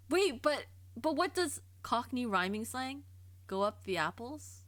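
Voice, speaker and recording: A woman streamer chatting casually on a livestream, curious and quick to laugh, often stumbling and repeating herself as she thinks aloud. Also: a little high, sing-song, fairly bright tone, no echo. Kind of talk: casual livestream chat, reading and answering chat.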